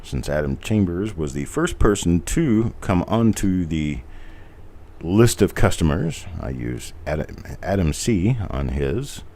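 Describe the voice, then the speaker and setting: A middle-aged man hosting a live coin stream in a casual, chatty way, who keeps clearing a frog in his throat and repeats his points for emphasis. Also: sits low, very animated, takes it slowly, warm tone. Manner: chatty, reads viewer comments aloud, repeats points for emphasis. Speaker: host of a live coin roll reveal stream.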